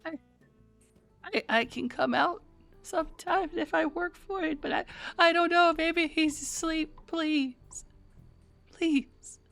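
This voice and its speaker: A woman's voice: extremely high pitch, slow, gravelly, fairly bright tone, soft background music, full character voice. A woman playing a panicked shapeshifting spirit in a young man's form, stammering and pleading frantically.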